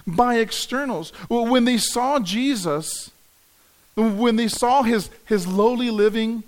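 A man's voice: very high voice, slow pace. A man preaching a sermon, earnest, often repeating words as he restarts a phrase. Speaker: pastor.

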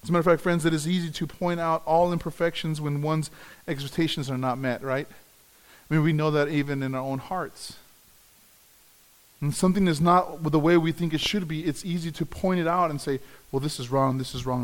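A man's voice: fairly high pitch, fairly even intonation, brisk. A man preaching a sermon, earnest, often repeating words as he restarts a phrase. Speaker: pastor.

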